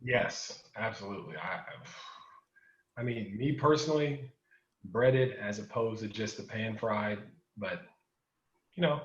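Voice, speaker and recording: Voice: mid-range voice, measured pace, pauses often. A laid-back co-host in a casual food chat, asking questions and murmuring agreement. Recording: dull roomy sound.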